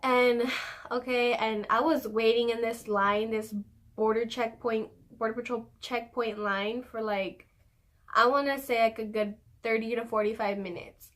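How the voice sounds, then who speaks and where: A young woman vlogger telling a story in casual, animated talk, swearing often and laughing as she goes. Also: fairly high pitch, a little slow.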